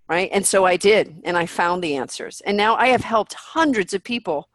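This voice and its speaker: A woman in a mid-range voice, animated and at normal speed with no room sound, appears as a guest on a candid podcast interview. She talks bluntly, swears freely, and acts out what people say.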